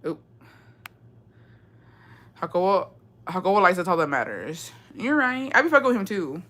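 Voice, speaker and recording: Young woman, deep and a little raspy, bright edge to the tone, casual profane livestream chatter with Spanish slipped in. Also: very animated, moderate pace. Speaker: livestream host. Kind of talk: casual livestream chat reading comments.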